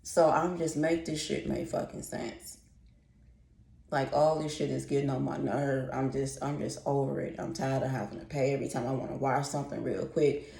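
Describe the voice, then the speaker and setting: A woman's voice: a bass voice, steady tone, normal speed, vocal fry, warm tone. A woman, ranting in a casual, profane, rambling vlog about her apartment. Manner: exasperated, profane, rambling rant. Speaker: vlogger. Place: apartment at home. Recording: echoey room.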